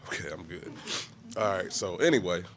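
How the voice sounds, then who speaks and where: A man in his forties giving an emotional, halting speech at a press conference, close to tears and often clearing his throat. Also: sits low, expressive, background noise. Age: 40s. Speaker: guest speaker, kidney patient.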